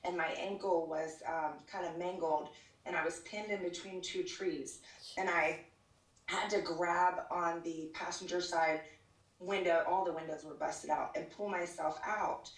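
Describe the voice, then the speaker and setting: Speaking unhurriedly in a steady, low-leaning voice, a woman shares her life testimony as a guest on a live church show. It's casual and earnest storytelling full of fillers and restarts, heard from a distance over a call with a roomy sound.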